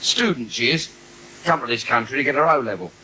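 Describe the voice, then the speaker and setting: Brash London stand-up comic. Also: male voice, medium pitch, expressive, a little fast, pushed and bright. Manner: brash, cheeky patter with audience asides. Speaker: stand-up comedian. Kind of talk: live bawdy stand-up routine. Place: theatre stage before a live audience. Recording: noisy live theatre recording.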